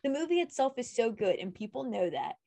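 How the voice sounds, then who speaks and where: A woman's voice: fairly high pitch, animated, brisk, vocal fry, warm tone. A woman co-hosting a podcast in casual chat, opinionated and rambling, laughing often. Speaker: podcast co-host.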